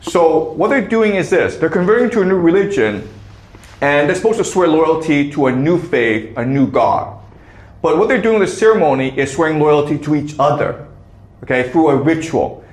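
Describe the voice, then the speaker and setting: Lecturer, male, higher voice, keeps asking "okay?", recorded in a reverberant room. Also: animated, normal speed. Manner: checks in with frequent "okay?". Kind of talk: classroom lecture. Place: classroom. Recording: echoey classroom.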